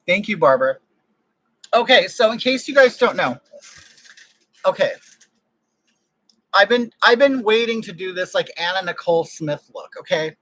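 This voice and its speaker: A man hosts a casual home livestream and greets viewers in a gushing, exclamatory way. His voice sits high and sounds bright. The microphone catches it close and dry. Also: lively intonation, normal speed, pauses often, no echo, rough recording. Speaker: livestream host. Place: home room with air conditioning. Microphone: desk microphone.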